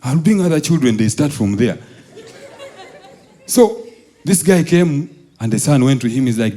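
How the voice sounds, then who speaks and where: A man's voice: animated, normal speed, long pauses, dark tone, some chatter behind. A man from Uganda doing stand-up, telling stories about his school days and acting out the voices of the people in them. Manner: acts out quoted voices, jumping high and dropping low. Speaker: stand-up comedian. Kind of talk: stand-up storytelling. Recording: live show with audience laughter.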